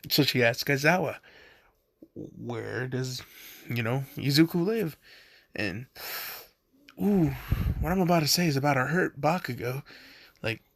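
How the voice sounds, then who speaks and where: A man's voice: mid-range voice, animated, a little slow, vocal fry, long pauses, a bit bright, no echo, studio quality. A young man casually telling a fan story, rambling with lots of "like" and jumping into quoted voices.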